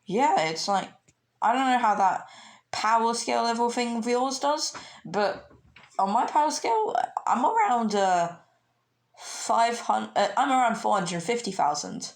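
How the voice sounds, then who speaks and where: A woman's voice: a little high, animated, a little slow, pitched above the performer's own voice. A brash young male alien fighter, cheerful and cocky, as a woman puts him on. He sounds sure of his own strength and talks up his power. It comes from a casual fan retelling.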